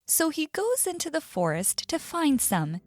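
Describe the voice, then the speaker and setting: A woman reads a children's story for learners slowly and clearly, with deliberate pacing, her high voice moving expressively through huge pitch swings. The recording is dry and close with no echo, and soft music plays underneath.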